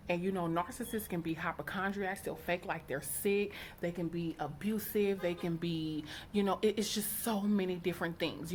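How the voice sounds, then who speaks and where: A middle-aged woman, a mother, tells a story to her viewers, animated and outspoken, and slips into each person's voice as she quotes them. Her voice sits on the low side for a woman. A faint background noise runs under the recording. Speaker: vlogger, mother.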